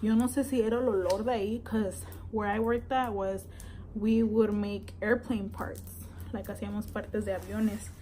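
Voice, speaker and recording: A woman's voice: medium pitch, steady tone, moderate pace, mellow, slight background noise, low-quality recording. A young woman tells a pregnancy story in a casual vlog, switching languages, chatty and swearing freely. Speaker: vlogger.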